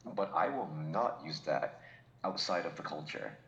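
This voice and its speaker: A man's voice: rumbling low, animated, measured pace, gravelly, a bit bright, highs cut off. A man from New England, a podcast co-host chatting casually and reflectively, choosing his words with care. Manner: reflective, picks words carefully. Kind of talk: casual chat. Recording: echoey room.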